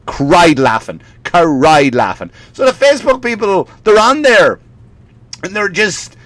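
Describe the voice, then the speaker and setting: A man's voice: high voice, very animated, unhurried, fairly bright tone, no echo. An Irish man, a stand-up comedian, ranting in a rambling way, swearing often and laughing at his own stories. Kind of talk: comedic rant.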